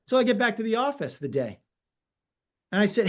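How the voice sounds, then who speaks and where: Animated high-voiced man telling stories. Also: fairly quick. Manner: animated storyteller acting out quoted dialogue. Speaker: real estate broker and guest. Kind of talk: webinar interview storytelling.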